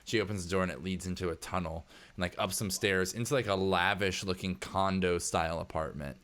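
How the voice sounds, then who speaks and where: A man's voice: low-pitched, a little fast, fairly bright tone. A man narrating a tabletop game as game master in a casual manner, full of filler words.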